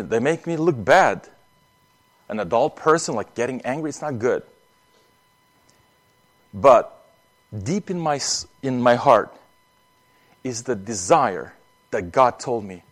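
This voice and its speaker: A man preaching an earnest sermon, often acting out prayers and repeating words as he speaks. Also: medium pitch.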